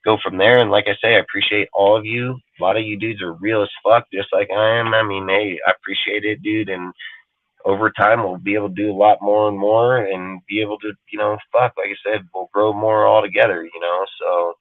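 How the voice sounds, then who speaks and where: Low-voiced man ranting over lo-fi audio. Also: steady tone, fairly quick, no room sound. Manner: blunt, heavy swearing, rambling. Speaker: host of a live sports talk show. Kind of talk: profane livestream rant. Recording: dry, phone-like lo-fi audio.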